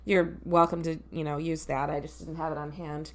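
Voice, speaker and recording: A woman's voice: low-pitched, level tone, moderate pace. A woman co-hosting a podcast in casual chat, rambling and laughing often, often trailing off mid-sentence. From Ohio, USA. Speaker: podcast co-host.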